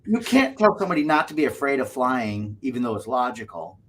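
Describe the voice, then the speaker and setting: A man co-hosting a casual podcast chat, animated and fond of acting out little quoted exchanges. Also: mid-range voice, a little fast, slight background noise. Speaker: co-host.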